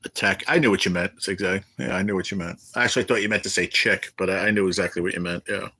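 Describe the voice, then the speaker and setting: Through a phone or webcam mic, a middle-aged livestream host undergoing cancer treatment tells profane, blunt stories and reads chat aloud in a casual stream. His low voice is steady, quick, bright, forceful, and slightly rough, and the recording is dry.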